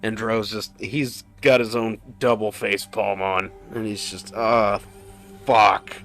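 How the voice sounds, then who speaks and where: A man playing a tabletop game, talking casually and relaxed. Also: on the low side, a little slow, soft background music. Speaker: player.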